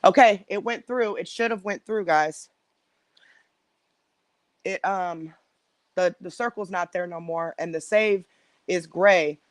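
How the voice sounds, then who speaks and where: A woman's voice: fairly low pitch, slow, pauses often, no room sound. A woman hosting a casual live stream from home on her phone, rambling and chatting directly with her viewers. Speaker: livestream host.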